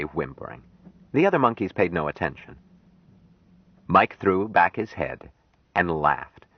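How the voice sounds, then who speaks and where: A man narrating an audiobook in a measured, even storytelling manner. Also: sits low, slightly rough, no room sound. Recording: dry, dull lo-fi audiobook recording.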